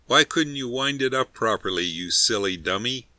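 A man's voice: medium pitch, lively intonation, moderate pace, sharp tone, no echo. A man reading aloud, voicing an irritable riverside man scolding his companion over a tangled rope. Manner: scolding, mocking.

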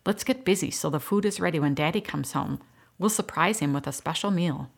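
A woman voicing a gentle young woman caring for twin girls, coaxing and warm with them. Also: sits low, fairly quick, gravelly.

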